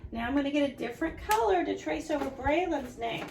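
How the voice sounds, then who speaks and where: A woman teaching a remote lesson to young children, speaking slowly and cheerfully to them as their preschool teacher. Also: sits high, lively intonation, a little mellow, a little hiss or hum. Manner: slow, cheerful, talking to children.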